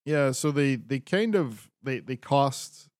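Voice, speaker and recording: A man's voice: medium pitch, animated, takes it slowly, darkish tone, no room sound, studio quality. A man co-hosting a podcast, recapping wrestling in a laid-back way with lots of fillers and the odd swear. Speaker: podcast co-host. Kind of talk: casual wrestling chat.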